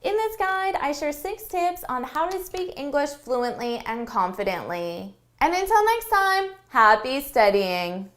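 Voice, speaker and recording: High, lively-voiced woman teaching English. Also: measured pace, few pauses. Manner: clear, emphatic, shifts tone to demonstrate. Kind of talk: online English lesson.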